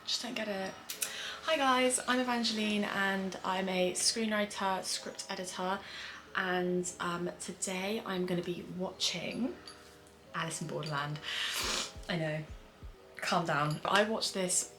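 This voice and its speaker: A woman's voice: medium pitch, fairly even intonation, measured pace, a bit bright. A young British woman, a screenwriter, chatting in a rambling casual vlog at home, full of fillers and swearing. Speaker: screenwriter reacting to a show. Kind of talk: casual reaction vlog chat. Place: home room with windows open on a hot day.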